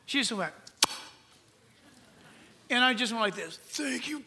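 An older man preaching a sermon in a high, nasal voice, earnest and emphatic, with rhetorical questions and touches of humor. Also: a little slow, very noisy. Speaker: pastor.

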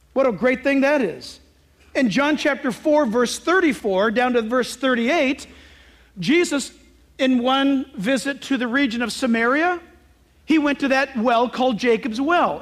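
A male pastor preaching a sermon in an animated way, asking rhetorical questions and breaking into sudden shouts. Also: extremely high pitch.

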